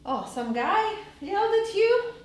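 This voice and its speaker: A woman's voice: very high voice, big pitch swings, measured pace, voice pushed up, exaggerated voice. A woman voicing a tired, blunt mother who teases her child, recorded live on a theater stage. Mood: teasing. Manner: bluntly teasing, chuckling. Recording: live stage, roomy hall from far off.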